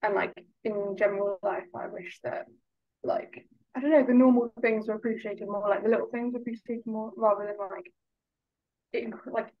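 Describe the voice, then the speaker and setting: A woman's voice: medium pitch, steady tone, moderate pace, lo-fi sound. A young woman from the UK, a podcast guest, talking hesitantly with lots of filler words. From United Kingdom. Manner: hesitant, lots of "like" and "I don't know". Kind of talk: casual interview chat.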